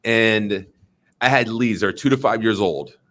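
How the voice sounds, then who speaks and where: Animated man telling sales stories. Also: on the low side, normal speed. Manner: animated, acts out quotes in a raised voice; frequent fillers and restarts. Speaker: podcast guest, insurance agent. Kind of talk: casual storytelling chat.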